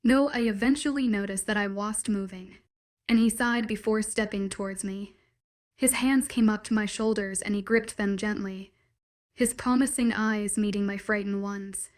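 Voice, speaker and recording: Woman narrator for a first-person audiobook, steady storytelling. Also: medium pitch, moderate pace.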